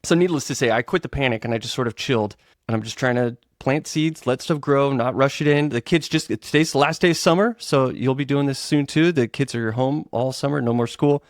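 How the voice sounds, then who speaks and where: Animated storytelling man on a dry podcast mic. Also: a little fast, no echo. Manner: animated storyteller, acts out quotes with big pitch jumps. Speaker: guest co-host, web developer. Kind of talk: casual podcast chat.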